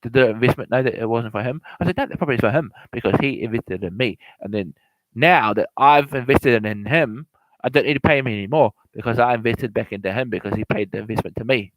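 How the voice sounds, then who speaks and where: Fast-talking rambling man. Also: medium pitch, a bit bright, dry recording, poor audio. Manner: repetitive, stumbling, laughs often. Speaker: real estate explainer. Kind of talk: casual rambling explainer.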